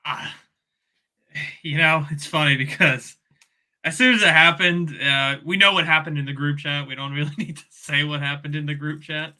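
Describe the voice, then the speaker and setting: A man talks on a casual football fan podcast with a very bright, sharp voice that sits somewhat high. He talks in a measured way and restates his points several times. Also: fairly even intonation. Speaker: podcast guest.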